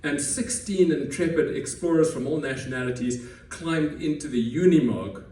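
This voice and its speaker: A man's voice: on the high side, normal speed, mellow, slight background noise. Man telling a story on stage, echoey. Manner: conversational, self-deprecating, frequent restarts. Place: stage before a live audience. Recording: echoey room, heard from a distance, faint ambience.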